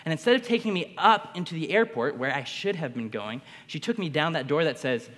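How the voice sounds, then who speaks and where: A young man giving a motivational keynote talk, telling a story with energetic bursts. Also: on the high side, quick pace. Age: young adult. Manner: energetic, builds to bursts of excitement. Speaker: conference speaker. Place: large hall. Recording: long hall reverb.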